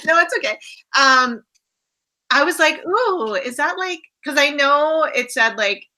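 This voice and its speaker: Canadian woman, bright forceful voice, slightly high, rambling enthusiastic chat. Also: lively intonation, a little slow, poor audio. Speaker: guest on a book live show. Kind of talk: casual chat.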